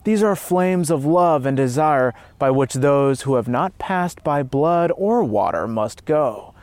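A man voicing a solemn heavenly guide who explains visions in a measured way. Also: on the high side, animated, darkish tone, no room sound.

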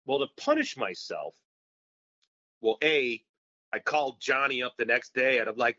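A man telling a story as a podcast guest, excitable and loudly acting out the lines he quotes. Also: mid-range voice, normal speed, long pauses, dry recording, dull audio. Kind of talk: animated storytelling in casual chat.

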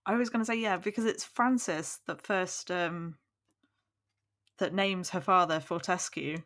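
A woman's voice: lowish voice, measured pace, fairly bright tone. A woman co-host in a casual, chatty book discussion.

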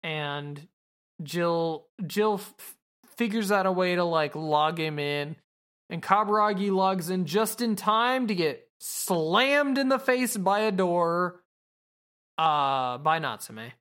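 A woman's voice: on the low side, expressive, takes it slowly, a bit bright, smooth. A woman podcast host casually recapping an anime episode, rambling and swearing with lots of fillers.

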